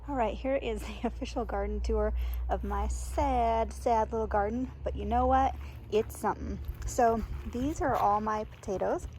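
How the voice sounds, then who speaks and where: A woman's voice: fairly high pitch, normal speed, darkish tone, slight background noise. Chatty woman vlogger touring her garden. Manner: chatty, laughs often, many ums. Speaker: homestead vlogger. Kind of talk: casual garden tour vlog. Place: outdoor garden.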